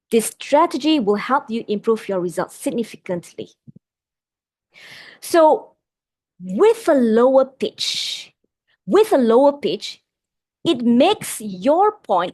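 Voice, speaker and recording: This clean, dry studio recording captures a Malaysian-accented woman trainer whose voice is a little high. During a live webinar lesson on vocal delivery, she calls her audience "my dear friends," reads out their responses, and changes her volume and slows her pace for emphasis.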